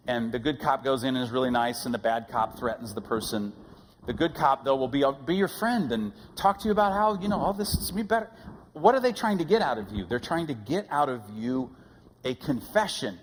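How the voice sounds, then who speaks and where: Storytelling pastor in a reverberant hall. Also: male voice, medium pitch, slight background noise. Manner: storytelling, animated, acts out quoted voices. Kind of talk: sermon. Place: church sanctuary.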